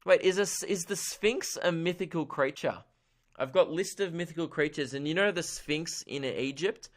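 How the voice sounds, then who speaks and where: A man's voice: on the high side, moderate pace. A young man hosting a solo comedy podcast, rambling in a goofy, self-mocking way and laughing at his own jokes. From Australia. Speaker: podcast host.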